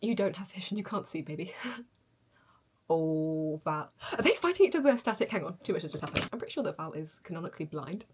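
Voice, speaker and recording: A young woman reacting to a show on her channel, gasping and gushing excitedly. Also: low voice, background noise. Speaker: reaction video host. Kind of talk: casual reaction commentary.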